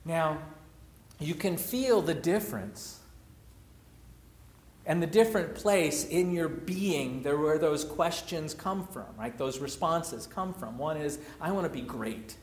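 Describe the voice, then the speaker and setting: A man's voice: a little high, takes it slowly, roomy sound. A man preaching a sermon, retelling a story and sharing personal reflections in a reflective, storytelling manner.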